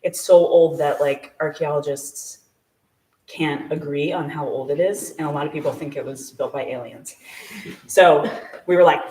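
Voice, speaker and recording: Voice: mid-range voice, moderate pace. A guest telling a personal story at a live event, chatty and full of fillers, laughing often. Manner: chatty, filler-heavy with frequent "like". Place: small shop hosting a live event. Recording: echoey room, voice from a distance.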